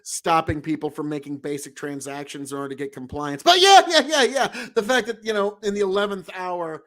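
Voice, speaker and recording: Higher-voiced man bantering on a podcast. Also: fairly even intonation, a little fast. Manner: rambling, profane, laughing. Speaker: podcast co-host. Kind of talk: casual banter. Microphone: livestream podcast mic.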